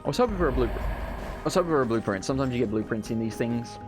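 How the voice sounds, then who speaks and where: A man's voice: medium pitch, expressive, fast talker, over music. A man giving rambling, swear-filled commentary while playing a video game. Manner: chatty, rambling, swears freely. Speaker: gaming channel host. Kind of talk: casual let's play commentary.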